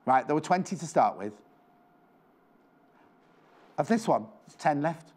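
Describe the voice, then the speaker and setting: His voice is a little high and a little mellow, with lively intonation and a measured pace. He's a man presenting a live TV sales pitch in a studio, rambling chattily, counting down stock, and correcting himself along the way.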